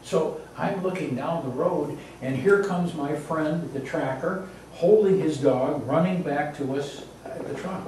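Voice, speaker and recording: A man's voice: on the high side, unhurried, few pauses, a little mellow. A man casually telling a personal anecdote in a plain, repetitive way that builds suspense. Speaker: storyteller. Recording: very echoey room, distant mic, faint noise.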